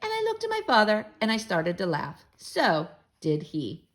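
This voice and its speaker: Animated woman reading a storybook aloud. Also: medium pitch, normal speed. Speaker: storybook reader for children. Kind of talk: reading a children's book aloud.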